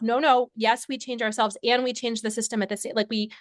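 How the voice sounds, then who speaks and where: A woman hosts a podcast and talks with her guest in a warm, affirming, enthusiastic way. Her voice sits a little high. The recording is close and dry, with no room echo. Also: fairly even intonation, fast, few pauses. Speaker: podcast host, physician and coach. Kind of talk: conversational interview.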